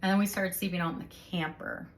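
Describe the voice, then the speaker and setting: Host, woman, 40s, low-ish voice, casual and animated explainer. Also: fast talker. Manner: animated, explains with vivid everyday scenarios. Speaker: host interviewing her husband.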